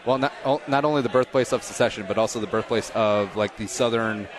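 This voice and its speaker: A man in his thirties hosting a casual interview, joking and self-deprecating with quick asides. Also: on the low side, a crowd in the background. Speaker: podcast host.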